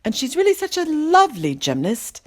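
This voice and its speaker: A woman putting on a bright, exaggerated Australian accent to voice a female gymnastics judge. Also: sits high, wildly swooping pitch, moderate pace, voice pushed up. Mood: gushing. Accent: Australian (put on, poor).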